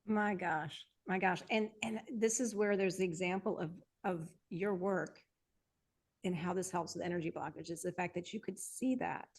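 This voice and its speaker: A woman's voice: on the low side, steady tone, normal speed. A woman hosting an interview, responding enthusiastically and building on her guest's points with many restarts. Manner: enthusiastic, affirming, rambling restarts. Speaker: podcast host. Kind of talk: conversational interview.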